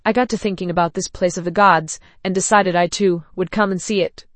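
A woman's voice: lowish voice, fairly even intonation, a little fast, a bit bright, no room sound, natural voice. A woman reading the part of a blunt, teasing male tribesman in a spoken story.

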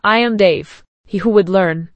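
A woman's voice: mid-range voice, unhurried, dry recording, dull audio, natural voice. Female reader voicing a blunt, teasing tribesman from a storybook, dry close sound.

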